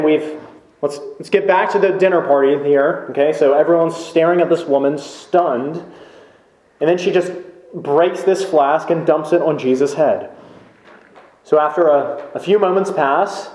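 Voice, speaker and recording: A man preaching a sermon in a church, slow and emphatic, with many rhetorical questions. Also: fairly high pitch, a little mellow, echoey room, poor audio. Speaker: pastor. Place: church sanctuary.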